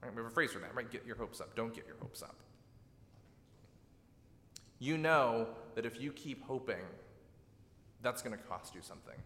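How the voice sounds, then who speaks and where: Bright-voiced preacher in an echoey hall. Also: male voice, mid-range voice, lively intonation, brisk, slight background noise. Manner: reflective, gently emphatic preaching with rhetorical "right?". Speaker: pastor. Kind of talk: sermon.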